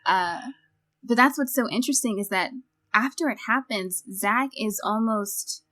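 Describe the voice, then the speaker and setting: A woman's voice: mid-range voice, unhurried, fairly bright tone. A woman co-hosting a podcast, casually discussing a film and retelling its scenes with quoted lines. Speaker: podcast co-host.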